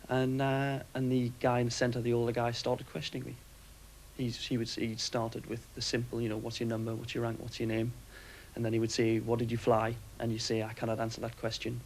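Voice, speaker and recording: A man recounting events for a documentary interview, talking quickly in a steady, matter-of-fact way. His pitch hardly moves, so the delivery stays level. There is a faint hiss on the recording. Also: poor audio. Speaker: former RAF aircrew interviewee.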